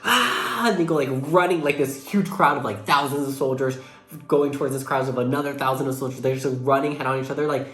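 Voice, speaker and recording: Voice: medium pitch, fairly even intonation, fast talker, a bit bright. A young adult tarot reader giving a casual, emotional monthly reading, talking earnestly, swearing casually and saying "like" a lot. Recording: echoey room with faint music behind. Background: faint background music.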